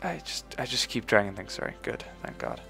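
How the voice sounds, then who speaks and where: A man commenting casually on his own strategy game playthrough, swearing freely, bursting out with "boom" and ordering his in-game troops around. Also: a little fast, vocal fry, faint music behind. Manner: excitable, swears casually, shouts "boom" when giving orders; talks to in-game units as if they were his troops. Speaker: let's play host.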